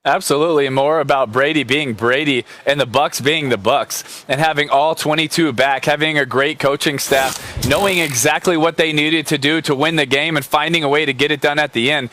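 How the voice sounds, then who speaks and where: A man's voice: a little high, fairly even intonation, moderate pace, few pauses, sharp tone, a little hiss or hum. A man appearing as a guest sports analyst who speaks earnestly and steadily.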